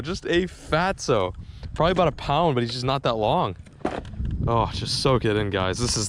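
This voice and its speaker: Young man, fishing vlog, excitable, stammering, outdoors, faint background noise. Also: lowish voice. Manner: hyped, exclamatory, stammers when excited. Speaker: fishing vlogger. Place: outdoors on a river bank.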